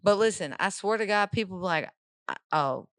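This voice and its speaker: A woman's voice: medium pitch, brisk, dry recording, studio quality. A woman from Kentucky with a Southern accent, chatting loosely and profanely on a podcast. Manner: loud, profane, laughs often. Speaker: comedian guest. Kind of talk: casual podcast chat.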